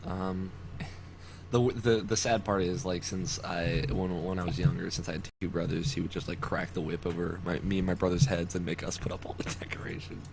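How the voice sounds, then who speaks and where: A man's voice: sits low, normal speed, gravelly. A man hosting a podcast, chatting casually over a video call and telling stories with plenty of laughs. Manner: animated storyteller, laughs often. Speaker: podcast host. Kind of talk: casual chat. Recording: noisy online call audio.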